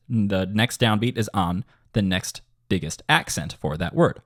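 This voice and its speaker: A man's voice: on the low side, very animated, normal speed, no room sound. Man, music tutorial host, enthusiastic, sounds out syllables, dry close sound. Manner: enthusiastic, sings out words and syllables to show stress. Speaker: music composition teacher. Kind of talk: screen-share music tutorial.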